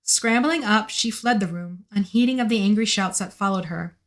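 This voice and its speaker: A woman with a slightly hoarse voice, reading a novel aloud on a live stream in an unhurried way, with chatty asides. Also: mid-range voice.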